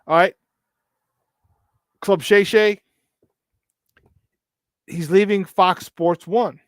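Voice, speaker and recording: A man's voice: high-pitched, steady tone, very slow, no room sound, studio quality. A man hosting a morning sports talk show, talking casually and emphatically, repeating his points for weight. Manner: repetitive, emphatic, preachy asides.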